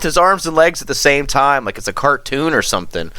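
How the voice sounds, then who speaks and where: A man's voice: medium pitch, fairly quick, dry recording, raised voice. A man hosting a podcast, telling a story in casual chat, swearing a lot and acting out what people said. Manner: profane, animated storytelling, acting out quotes. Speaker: podcast host.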